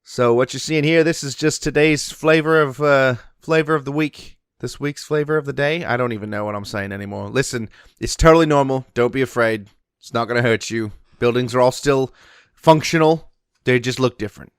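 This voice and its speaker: A man's voice: on the low side, little pitch movement, rapid-fire, gravelly, hardly any pauses, a bit bright, clear, resonant tone, no room sound, clean studio sound, voice pushed down. A man voicing a friendly, talkative orc man who leads a ranger guild, with an accent that drifts from British to Kiwi.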